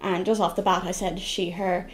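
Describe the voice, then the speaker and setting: A young woman with an Irish accent speaks casually in a documentary interview, giving personal testimony and laughing easily. Her voice is on the low side, with a level tone and normal speed.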